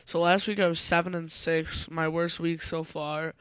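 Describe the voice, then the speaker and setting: A man's voice: a little high, little pitch movement, normal speed, a bit bright, smooth, no room sound. A tired man giving casual sports prediction commentary, rambling, correcting himself and swearing offhand. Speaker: video host.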